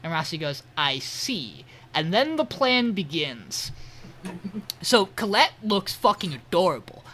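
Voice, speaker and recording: Man, podcast co-host, bright voice, animated recap, swears a lot, remote call mic, faint hiss. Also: sits high, a little slow. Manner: animated retelling, swears, quotes characters. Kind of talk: casual episode recap.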